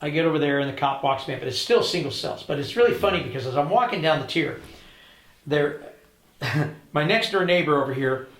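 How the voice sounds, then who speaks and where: An older man recounting his past as an interview guest, a lively anecdotal storyteller who acts out the dialogue. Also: a little high, a little fast. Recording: roomy echo.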